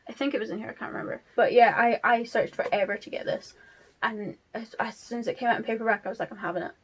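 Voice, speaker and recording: A chatty woman talking about books in a casual vlog, her voice a touch higher than most. She rambles, stops to restart her sentences and fills the gaps with ums. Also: steady tone, fast talker, breathy edge. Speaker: book vlogger. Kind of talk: casual chat.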